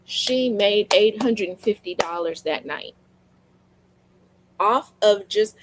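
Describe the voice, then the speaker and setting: A woman's voice: medium pitch, slow, poor audio. A woman chatting casually on her live sales stream, telling stories to her viewers and repeating lines for emphasis. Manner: talks straight to viewers. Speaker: livestream seller. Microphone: streaming mic.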